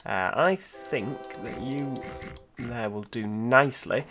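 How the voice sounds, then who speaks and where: A man's voice: mid-range voice, slow pace, over music. A man giving casual let's-play commentary, thinking aloud and asking rhetorical tag questions. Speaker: gameplay commentator.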